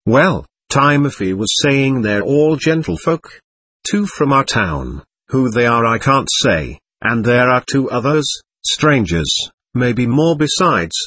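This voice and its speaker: A man voicing a simple, pious peasant coachman who speaks slowly and deferentially. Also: medium pitch, big pitch swings, breathy edge, no room sound, heavily acted. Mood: calm. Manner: slow, deferential, gentle. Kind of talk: audiobook character voice.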